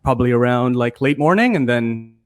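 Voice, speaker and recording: A man's voice: mid-range voice, lively intonation, fairly quick. A man from Canada, a guest on a talk show, talking in a loose, chatty way with lots of fillers. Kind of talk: casual interview chat.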